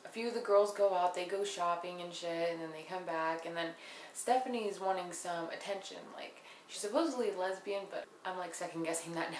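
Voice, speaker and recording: Blunt, profane young woman recapping. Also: lowish voice. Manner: profane, blunt, sarcastic, mimics people she quotes. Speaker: reality TV recapper. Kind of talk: casual episode recap. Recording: roomy with faint background noise.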